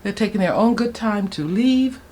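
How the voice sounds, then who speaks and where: A woman in her sixties chatting to viewers while doing her makeup, excitable and gushing about her products. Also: mid-range voice, moderate pace. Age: 60s. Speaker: beauty vlogger. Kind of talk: get-ready-with-me makeup chat.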